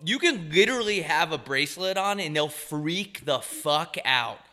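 Bright-toned young male co-host, sweary, mocking, prone to loud bursts. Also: a little high, expressive, moderate pace. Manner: ranting, profane, mocking, swings loud. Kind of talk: casual comedic banter.

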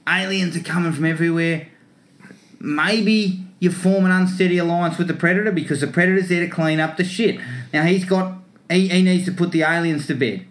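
Jokey man with a higher voice. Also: a little fast. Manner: jokey, swearing, pitches ideas. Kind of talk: casual podcast chat about films.

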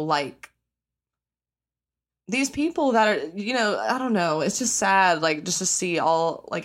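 A young woman hosting a podcast, talking casually and profanely, acting out quotes with sudden jumps in her voice. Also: lowish voice. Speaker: podcast host. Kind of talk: casual chat.

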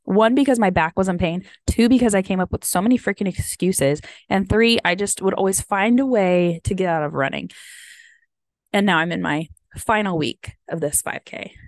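A woman's voice: mid-range voice, moderate pace, no room sound. An American woman in her thirties, a vlogger chatting casually and rambling with lots of "like" and "um", a bit sniffly. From United States. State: sniffly from having teared up. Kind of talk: casual chat.

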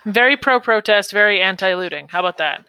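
A woman from Canada co-hosts a casual podcast, keeping her answers brief and guarded. Her voice is gravelly with creak, yet bright and smooth. It sounds dry and close to the mic. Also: mid-range voice, lively intonation, a little fast, dry recording. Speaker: podcast co-host.

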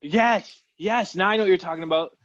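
A man's voice: high voice, fairly quick, a bit bright, no echo. A man co-hosting a casual chat, easygoing, with apologetic asides. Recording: dull lo-fi mic.

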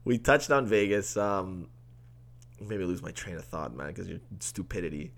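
A man with a fairly low voice talks sports in a relaxed, conversational way. He rolls through game recaps and takes easy, dry shots at his co-host. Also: normal speed, vocal fry. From Canada. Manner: easygoing, dry ribbing. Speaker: podcast co-host. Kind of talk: casual sports chat.

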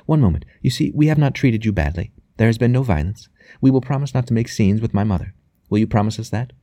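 A man voicing a poised young wife in a dry, mellow audiobook recording, raising his voice and keeping her tone sweetly mocking and coolly in control. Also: fairly low pitch, animated, quick pace, dry recording, voice pushed up. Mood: smoothly persuasive.

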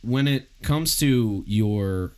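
A man's voice: fairly low pitch, extremely slow, darkish tone. A young man hosting a casual podcast interview, asking long, roundabout questions. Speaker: podcast host.

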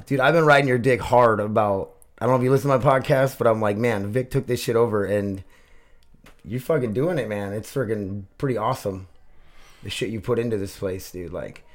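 A man hosting a casual podcast and chatting with a guest in a martial arts gym. He rambles, swears a lot and uses many fillers and restarts. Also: mid-range voice. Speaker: podcast host.

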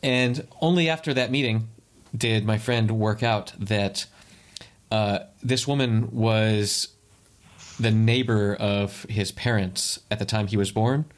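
A man's voice: lowish voice, steady tone. A man in casual conversation who makes puns and tells a story with many restarts. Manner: wry, punning, halting storyteller. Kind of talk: casual chat and anecdote.

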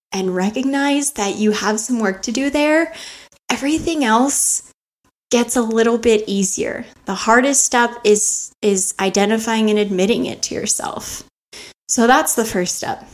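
A woman hosting a self-help podcast, talking earnestly and coaching her listeners with rhetorical questions, close to the mic. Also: medium pitch. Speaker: podcast host. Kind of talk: motivational self-help talk.

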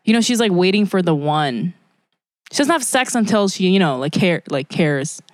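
A woman's voice: fairly low pitch, lively intonation, moderate pace, no room sound, studio quality. A woman co-hosting a comedic podcast in casual chat, playful and teasing, laughing often. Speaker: podcast co-host.

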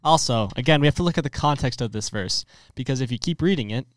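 A young male host walks his friends through a casual faith discussion, explaining points in an earnest, steady way. His voice is smooth and clear, and it sits at an ordinary middle pitch in a dry, close-miked sound. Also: fast, dry recording.

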